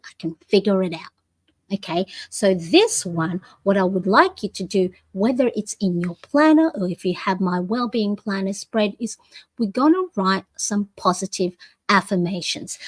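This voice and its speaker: A woman's voice: medium pitch, no room sound. Encouraging woman in her forties coaching. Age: 40s. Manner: encouraging, repeats affirmations, many "you know"s. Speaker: planner coach and channel host. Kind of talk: motivational live plan-with-me talk.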